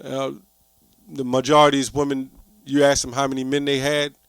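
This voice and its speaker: A man's voice: medium pitch, monotone, fairly quick, fairly bright tone, smooth, no echo. A man giving preachy online commentary, reading scripture aloud in an emphatic, repetitive way that keeps rising into heated outbursts.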